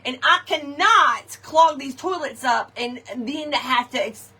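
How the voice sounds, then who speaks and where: A woman telling a funny personal story to her viewers in a chatty, animated way, tossing in "y'all" and "okay" often. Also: sits high, slow. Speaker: craft shop host.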